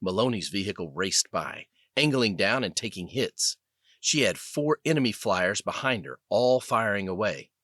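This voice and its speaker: A man narrating an audiobook with an expressive, scripted delivery. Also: fairly low pitch, moderate pace, no echo, clean studio sound. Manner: expressive, lively reading.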